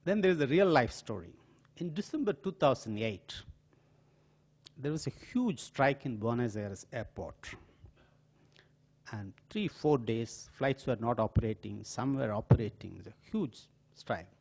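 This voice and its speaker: An older man from India with an Indian accent, a diplomat telling anecdotes in a lecture in an auditorium, with some pauses and hesitations. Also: mid-range voice, expressive, a little mellow. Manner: storytelling with acted quotes and pauses, some filler hesitations. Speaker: diplomat giving a talk.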